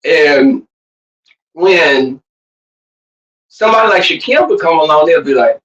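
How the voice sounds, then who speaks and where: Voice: mid-range voice, expressive, unhurried, pauses often. Profane, teasing livestream host in a roomy space. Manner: loud, profane and teasing, with sudden shouts and laughs. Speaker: livestream host reading chat. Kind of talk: casual livestream chat. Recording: roomy, distant, dull lo-fi sound.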